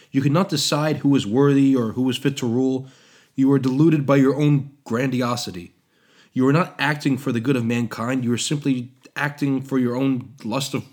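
A man's voice: mid-range voice, a little mellow, pitched above the performer's own voice, close to an everyday voice. A man voicing a passionate, idealistic young male inventor in a story reading, speaking in an impassioned, pleading way.

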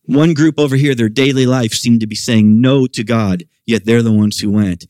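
A middle-aged man preaches to his congregation with lively, expressive delivery. His voice sits at an ordinary pitch and jumps higher when he acts out questions. The sound is close and dry, with little room echo. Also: normal speed. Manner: animated preaching, voicing quoted questions in a raised pitch. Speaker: pastor. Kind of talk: sermon. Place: church service.

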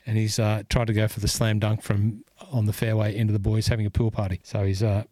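A man's voice: lowish voice, flat delivery, fast, dark tone, dry recording, studio quality. A man hosting a golf podcast in casual, rambling chat full of fillers. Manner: rambling, lots of fillers and "you know". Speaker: podcast host.

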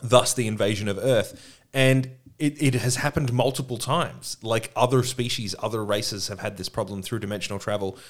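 A man co-hosting a podcast, talking in casual, animated, rambling chat and swearing freely. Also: fairly low pitch, normal speed. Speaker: podcast co-host.

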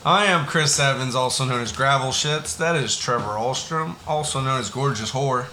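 A man's voice: medium pitch, normal speed, background noise. Joking male podcast host, echoey room. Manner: joking, profane banter. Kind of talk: casual chat.

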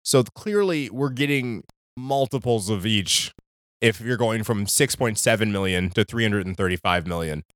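A man's voice: fairly low pitch, moderate pace, fairly bright tone, no room sound, clean studio sound. A man hosting a podcast in casual chat, laughing often and stumbling as he reads news items aloud. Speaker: podcast host.

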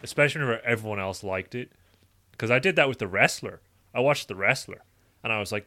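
A man telling stories in casual chat, laid-back and swearing freely, getting animated when he quotes himself. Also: medium pitch, fast.

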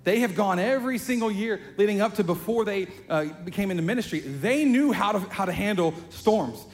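Male pastor, fairly high voice, casual buddy-style sermon delivery rising to animated emphasis; long hall reverb, faint music bed. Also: brisk. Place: church sanctuary.

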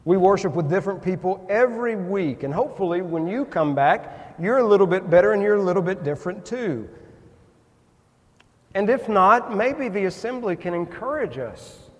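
Guy preaching in church, folksy and earnest, kinda high voice, lots of hall echo. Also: lively intonation, normal speed. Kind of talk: sermon. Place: church sanctuary. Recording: long reverb in a church hall.

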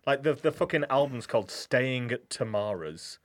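A man's voice: medium pitch, lively intonation, normal speed. A man co-hosting a casual podcast, blunt and cracking crude jokes. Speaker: podcast co-host. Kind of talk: casual chat.

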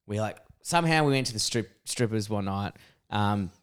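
A man with an Australian accent, co-hosting a podcast and telling crude stories in a relaxed, slangy way. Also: lowish voice, moderate pace, clear, resonant tone. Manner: crude, laid-back, slangy storyteller. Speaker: podcast co-host. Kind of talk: casual storytelling chat.

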